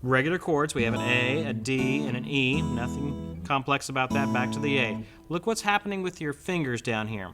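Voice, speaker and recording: A man's voice: medium pitch, moderate pace, hardly any pauses. A man teaching a guitar lesson step by step, patiently counting beats aloud as he plays. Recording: loud guitar under the voice. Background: his own guitar playing.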